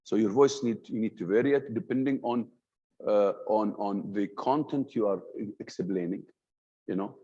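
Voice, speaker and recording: A man's voice: mid-range voice, breathy edge. A man, an Arabic speaker, lecturing a class on communication and freely raising and dropping his voice as he mixes Arabic words into his English. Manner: animated, swings his voice up and down on purpose. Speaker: trainer in communication skills. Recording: dull lo-fi sound.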